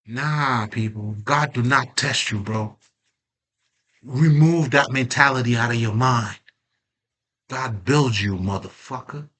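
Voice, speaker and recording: A man's voice: mid-range voice, slow, fairly bright tone. A man giving a casual, emphatic spoken monologue on personal growth, full of swearing and rhetorical questions. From Haitian background. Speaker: self-growth vlogger.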